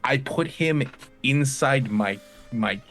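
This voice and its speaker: A man's voice: medium pitch, takes it slowly, fairly bright tone. A man playing at a tabletop game, talking in a loose, rambling style and drifting onto tangents. Faint music sits behind him. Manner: rambling, tangent-prone, laughing. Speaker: player. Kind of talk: casual game chat.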